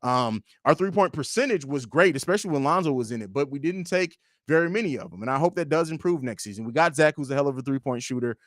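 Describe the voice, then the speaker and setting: Animated and fast-talking, a young livestream host barely pauses as he reads viewer comments and trash-talks with profanity from his home studio. His casual fan stream swings between loud bursts and low mumbles, and the recording is dry.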